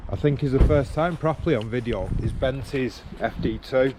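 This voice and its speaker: Outdoors by a roadside car, a male vlogger swears and speaks bluntly to his handheld gimbal camera at a normal speed. His voice sits in the mid-range, and the background is noisy.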